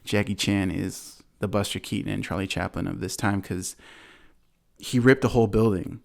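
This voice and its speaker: A man's voice: fairly low pitch, steady tone, normal speed, creaky. A man hosting a podcast, casually retelling a movie plot in a rambling way, full of fillers and acted-out quotes. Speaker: podcast host.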